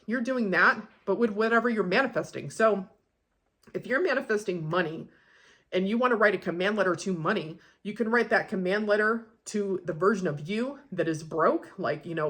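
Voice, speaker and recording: A woman's voice: on the low side, fairly bright tone. A woman coaching in a casual, instructional way, blunt and peppered with swearing. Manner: blunt and profane, emphatic. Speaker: manifestation coach.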